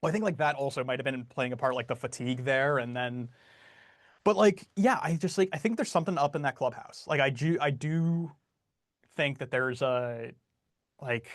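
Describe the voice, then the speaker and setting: A man's voice: medium pitch, dry recording. Guy on a sports podcast, says like constantly, stops and starts, dry close sound. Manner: halting, heavy use of "like", frustrated. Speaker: podcast co-host. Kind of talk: casual sports chat.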